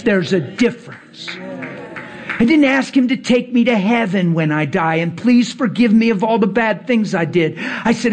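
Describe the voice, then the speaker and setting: A man's voice: normal speed, slightly rough. A man preaching, telling a personal story with acted-out dialogue and emphatic rising passages. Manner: animated, acts out dialogue, rises to emphatic highs. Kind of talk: sermon storytelling.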